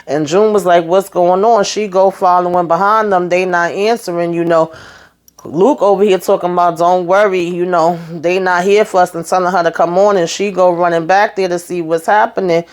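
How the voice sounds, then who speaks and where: With a lowish voice at normal speed, this woman gives an easygoing recap of a TV episode, animatedly retelling scenes and calling listeners "child" and "honey."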